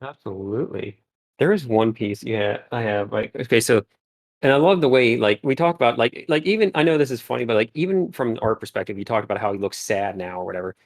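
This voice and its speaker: A man's voice: medium pitch, animated, fairly quick, dry recording. A man chatting casually on a live stream as a guest painter, talking in loose, rambling sentences full of restarts. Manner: rambling, lots of filler and restarts. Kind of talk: casual livestream chat.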